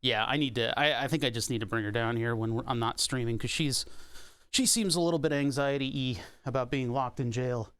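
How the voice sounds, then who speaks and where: A man chats casually on a live stream from his workshop, slipping into a high sing-song voice whenever he talks to his puppy. He laughs often, and his voice sits at a middling pitch. The sound is dry and close, with no room echo. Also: a little fast, a bit bright, clear, resonant tone. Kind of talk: casual chat.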